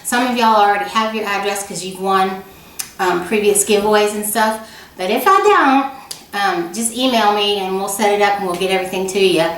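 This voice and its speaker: A woman's voice: medium pitch, normal speed, fairly bright tone. A woman hosting a home cooking video, chatting folksily and straight to her viewers. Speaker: cooking channel host. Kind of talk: casual cooking demo chat. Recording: roomy room sound from a distance.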